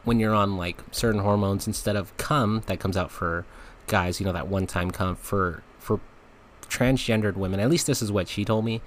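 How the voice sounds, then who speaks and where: A low-voiced man hosts a podcast and tells a frank, comic story in loose, chatty fashion. He laughs often as he goes, and a faint hiss sits under his voice. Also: moderate pace. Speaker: podcast host. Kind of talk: casual storytelling monologue.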